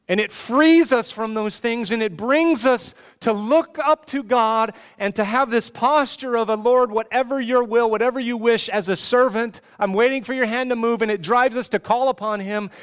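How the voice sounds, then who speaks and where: A man's voice: high-pitched, a bit bright, clear, resonant tone. Earnest man preaching in a reverberant hall. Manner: earnest, pleading preaching with repeated rhetorical questions. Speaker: pastor. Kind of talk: sermon.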